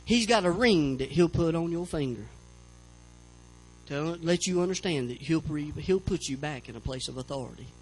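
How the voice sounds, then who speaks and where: A man's voice: fairly high pitch, animated, moderate pace, darkish tone, poor audio. A man preaching a sermon as pastor, fervent, repeating phrases and calling out to the church for amens.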